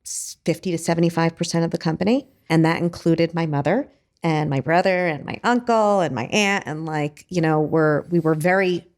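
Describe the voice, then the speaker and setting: A chatty woman with a fairly low voice, guesting on an interview show. She talks casually about her work, leaning on filler words as she goes. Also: moderate pace, a little mellow. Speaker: podcast guest, business owner.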